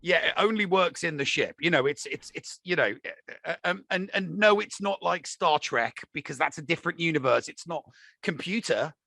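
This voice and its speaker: A man's voice: a little high, expressive, moderate pace, vocal fry, pushed and bright, no room sound. A British man co-hosting a podcast in casual chat, rambling with lots of fillers and restarts. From United Kingdom. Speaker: podcast co-host.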